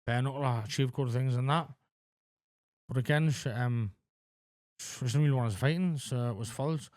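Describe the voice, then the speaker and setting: A man in his forties talking candidly as a podcast guest, halting with lots of fillers and frequent swearing. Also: mid-range voice, darkish tone, no room sound, studio quality. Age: 40s. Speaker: podcast guest in addiction recovery. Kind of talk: candid conversational interview.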